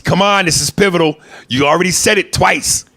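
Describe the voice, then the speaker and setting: A man's voice: high voice, a little fast, bright, forceful tone. A man hosting a podcast, joking crudely and animatedly in casual chat, at times playing a bossy film director. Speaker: podcast host.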